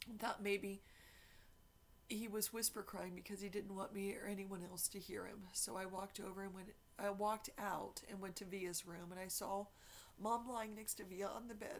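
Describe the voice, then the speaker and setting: A woman's voice: medium pitch, level tone, moderate pace, slight background noise, low-quality recording. A woman reading a novel aloud in an earnest, emotional way. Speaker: reader.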